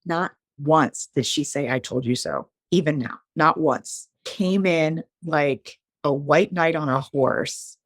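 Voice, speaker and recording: A woman's voice: sits low, dry recording. A woman around forty from New Jersey, a podcast guest telling a personal story in a frank, blunt way, swearing casually and acting out the dialogue she quotes. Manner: acts out quoted dialogue with animated shifts.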